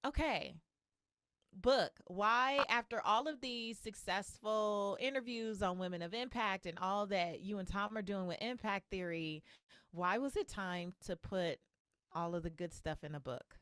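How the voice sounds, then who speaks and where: A woman's voice: medium pitch, a little slow, a bit bright. A woman hosting a podcast, introducing and interviewing her guest in an effusive, encouraging way. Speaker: podcast host. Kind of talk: interview conversation.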